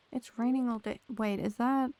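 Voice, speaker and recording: A woman's voice: a little high, steady tone, unhurried, darkish tone, no room sound. A young woman streaming a game, chatting casually and thanking viewers by name as she plays. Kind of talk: casual live-stream chat.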